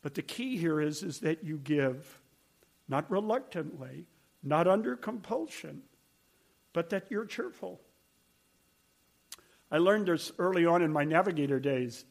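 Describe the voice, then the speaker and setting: A man's voice: a little high, creaky. An older man preaching a sermon, telling stories in an earnest, conversational way. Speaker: pastor.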